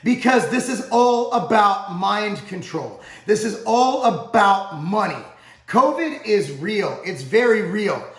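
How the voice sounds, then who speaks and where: High-voiced man, emphatic and profane, direct-to-camera rant, roomy echo. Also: sing-song, slow pace. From United States. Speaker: supplement company owner and channel host.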